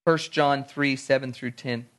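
A man preaching a sermon, animated, acting out little everyday scenes in different voices. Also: medium pitch, unhurried. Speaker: pastor.

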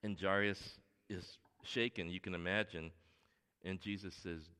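A middle-aged man preaching a sermon as a pastor, telling stories in an earnest way that swings between hushed and emphatic. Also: low-pitched, fairly even intonation, measured pace, smooth. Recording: long reverb of a large hall.

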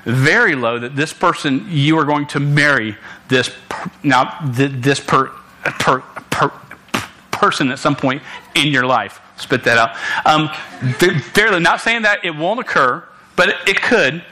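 A young man delivers a sermon to a congregation with a bright, forceful voice pitched a little high. He speaks earnestly, stumbling over words and restarting mid-phrase, and calls out directly to his listeners. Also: measured pace. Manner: earnest, stammering restarts, punchy asides to listeners. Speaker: preacher. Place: room with a live congregation.

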